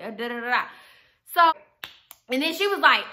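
Profane, animated storytelling woman. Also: high-pitched, a little fast. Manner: animated, profane, addresses viewers directly. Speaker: vlogger. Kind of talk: storytime vlog.

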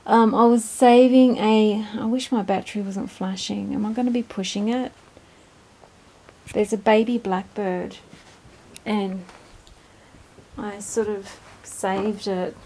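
An Australian vlogger rambles casually in her backyard, laughing often as ducks and birds sound outdoors around her. Her mid-range voice is warm and fairly even in intonation, and she speaks slowly with long pauses.

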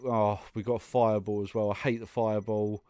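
A man's voice: lowish voice, flat delivery, brisk, darkish tone, smooth, dry recording, studio quality. A young man commentating his own gameplay, muttering and getting exasperated, with sudden outbursts and laughs. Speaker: gaming YouTuber. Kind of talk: let's play commentary.

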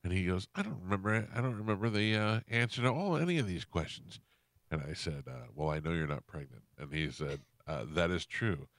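Animated low-voiced male radio host. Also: fairly quick, dry recording, studio quality. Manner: animated, acts out quotes in shifting voices. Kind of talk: casual radio storytelling. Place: radio studio. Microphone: studio microphone.

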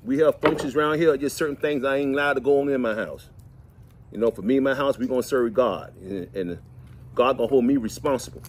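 A middle-aged man, chatting and telling folksy, animated stories to the camera outdoors while cleaning fish. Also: medium pitch, brisk, slight background noise. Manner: folksy, animated, preachy asides. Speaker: vlog host. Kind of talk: casual storytelling chat.

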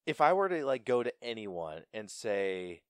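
Animated young man reviewing a film. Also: lowish voice, a little slow, no room sound, clean studio sound. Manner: animated, stumbles and laughs often. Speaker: podcast co-host. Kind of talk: casual film review chat.

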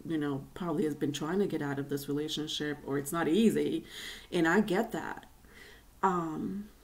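A woman giving a casual tarot reading to viewers, rambling and chatty with many fillers and restarts. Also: lowish voice. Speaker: tarot reader.

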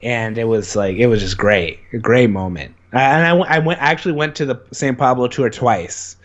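Here the audio is dull, and the young man's voice sits at a medium pitch with a normal pace. He's being interviewed and chats casually, eagerly spinning meandering anecdotes stuffed with "like" fillers.

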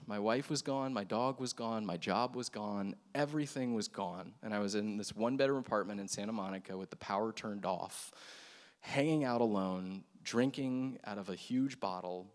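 A man in his thirties giving an earnest, reflective personal testimony on a church stage, speaking with soft pauses. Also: on the low side. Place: large hall with stage. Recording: long hall reverb.

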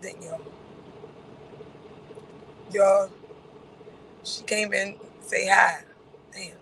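High gravelly man ranting sarcastically. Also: steady tone, drawn-out words, pushed and bright, a little hiss or hum, poor audio. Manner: sarcastic, repetitive, laughs between phrases. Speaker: livestream host. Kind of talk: casual livestream rant.

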